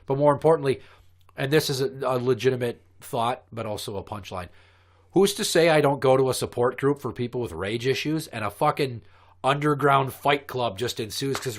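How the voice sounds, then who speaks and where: Male podcast co-host, mid-pitched, profane and heated storyteller. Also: normal speed. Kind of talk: casual podcast chat.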